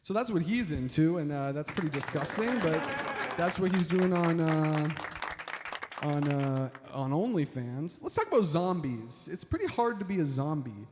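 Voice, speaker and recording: A man's voice: fairly high pitch, sing-song, moderate pace. Rambling stand-up comic man. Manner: rambling, filler-heavy, addresses audience as folks. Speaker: stand-up comedian. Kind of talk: stand-up comedy set. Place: stage before a live audience. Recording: reverberant hall with crowd and noise.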